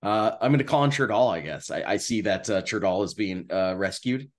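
A man playing a tabletop role-playing game, speaking hesitantly with many pauses. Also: fairly low pitch. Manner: hesitant, lots of fillers and restarts. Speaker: player. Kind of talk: casual play with in-character speech.

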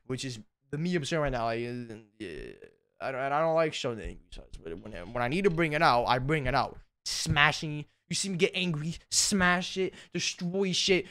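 A man's voice: a little high, lively intonation, normal speed, fairly bright tone, no room sound. A tired young man chatting casually in an unedited vlog, rambling, self-deprecating and cussing a lot, recorded at home on a desk mic. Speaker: YouTuber.

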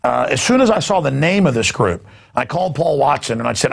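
Gravelly, sarcastic talk-show host man. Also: medium pitch, lively intonation, a little fast. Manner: sarcastic, rambling, laughing asides. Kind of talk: news commentary rant.

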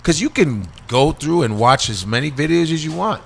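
Man, middle-aged, from Nigeria, bright tone, lively swooping pitch, profane storyteller, casual banter. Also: moderate pace, gravelly, slight background noise. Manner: animated, profane storytelling with impressions. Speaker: guest comedian.

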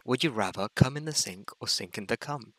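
Bright-voiced teasing man. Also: mid-range voice, lively intonation, no echo. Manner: teasing, quick to crack up. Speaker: co-host interviewing a friend's dating matches. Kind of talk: casual banter on a video call.

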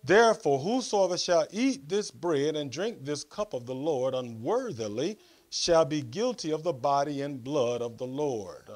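Male pastor, sermon reading, slightly high voice, unhurried delivery. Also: darkish tone. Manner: reads scripture aloud with added comments; instructs the congregation directly.

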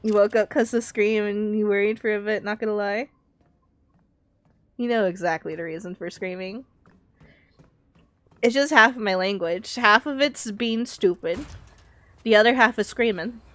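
A woman live-streaming a video game, chatting casually and excitably, swearing and talking to herself. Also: medium pitch, moderate pace, pauses often, no room sound.

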